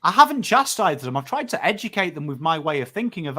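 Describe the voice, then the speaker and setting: An Australian man talks on a podcast with real feeling, pressing his points hard and dropping swear words as he goes. His voice sits a little higher than most men's. He slips into the voices of his mates when he quotes them. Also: very animated, fairly quick, few pauses, a bit bright. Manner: emotive, emphatic, swears freely; acts out quotes of mates in conversation. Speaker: podcast co-host. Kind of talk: casual podcast chat.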